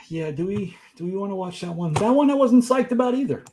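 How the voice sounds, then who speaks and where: A man's voice: high-pitched, lively intonation, moderate pace, warm tone, a little hiss or hum. A man hosting a casual podcast chat, quizzing his co-hosts and reading a sponsor plug. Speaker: podcast host.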